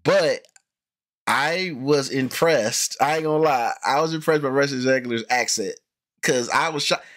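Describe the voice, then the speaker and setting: A man's voice: mid-range voice, measured pace. Rambling man chatting about a movie. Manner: rambling, frequent restarts and fillers, animated when excited. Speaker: podcast host reviewing a movie. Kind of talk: casual movie review chat.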